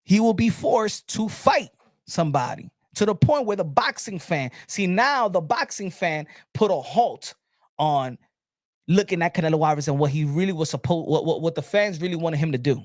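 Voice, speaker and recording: A man's voice: on the high side, animated, normal speed, no room sound, studio quality. Heated, profane male boxing ranter. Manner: heated and profane, voice rising to shouting; repeats words in bursts. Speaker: boxing commentator. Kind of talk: opinionated commentary rant.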